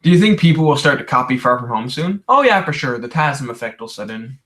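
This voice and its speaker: Young man, livestream host, tired, rambling casual chat, lots of restarts, medium pitch. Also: big pitch swings, brisk, fairly bright tone. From Canada. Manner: rambling, chatty, frequent restarts and fillers. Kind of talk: casual livestream chat answering viewer questions.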